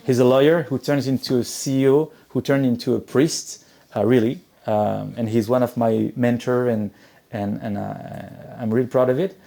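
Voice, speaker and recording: Middle-aged male speaker, gravelly and dark, halting delivery with frequent restarts. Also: medium pitch, steady tone. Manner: hesitant, many repeated words and restarts. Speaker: conference speaker. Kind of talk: motivational conference talk.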